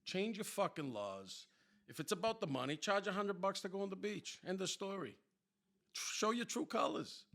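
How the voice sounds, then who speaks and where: A man hosting a podcast, telling a story in an animated, profane way and acting out the scenes. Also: sits high, normal speed. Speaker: podcast host. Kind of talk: casual storytelling.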